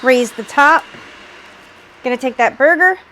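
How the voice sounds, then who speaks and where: A woman's voice: high voice, animated, measured pace, pushed and bright, a little hiss or hum. A woman hosting a home cooking video, narrating each step with upbeat enthusiasm. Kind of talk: cooking demonstration.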